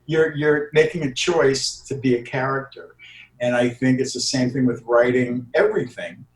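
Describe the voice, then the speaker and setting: An older man, a comedy writer and improv teacher, answering interview questions and slipping into quick character voices to make his points. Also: medium pitch, echoey room, low-quality recording.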